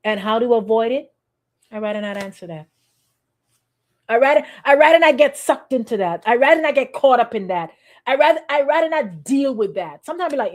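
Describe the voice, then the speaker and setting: A woman's voice: a little high, animated, normal speed. A woman pastor giving a sermon in a conversational, repetitive, playfully sarcastic way.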